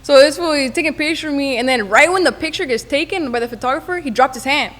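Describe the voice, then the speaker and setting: A young woman telling stories in a casual podcast chat, fast and slangy with frequent swearing. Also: high-pitched, fairly bright tone, long reverb tail. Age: young adult. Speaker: musician guest.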